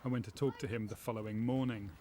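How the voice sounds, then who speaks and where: A man narrating a documentary and interviewing its subject in a calm, measured way. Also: on the low side, a little hiss or hum. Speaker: documentary reporter.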